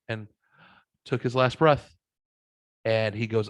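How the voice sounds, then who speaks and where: A man's voice: fairly low pitch, slow, pauses often, no room sound. A man hosting a podcast, telling stories in casual chat and swearing freely. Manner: animated storytelling, swears freely. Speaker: podcast host.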